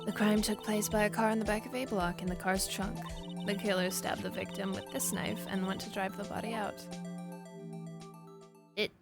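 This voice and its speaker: A woman voicing a confident, sultry former detective in a low, sleepy, teasing purr. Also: flat delivery, normal speed, over loud music, natural voice.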